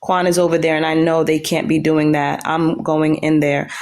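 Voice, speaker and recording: A woman's voice: low-pitched, level tone, moderate pace, darkish tone, reverberant. A woman hosting a casual livestream chat, blunt and swearing freely, rambling with restarts. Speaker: livestream host.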